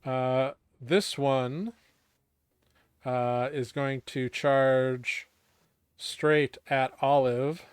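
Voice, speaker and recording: A man narrating as game master of a tabletop game, relaxed with many fillers. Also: mid-range voice, extremely slow, smooth, dry recording.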